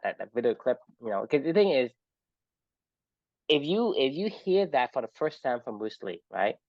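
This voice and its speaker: A man co-hosting a podcast in casual chat, reflective and quick to chuckle. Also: mid-range voice, dry recording, dull audio. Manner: reflective, chuckles often, uses filler like "you know". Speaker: podcast co-host.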